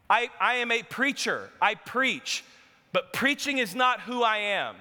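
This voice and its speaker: A man preaching a sermon, telling a story with animated, emphatic delivery. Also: very high voice. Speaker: pastor. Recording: long hall reverb.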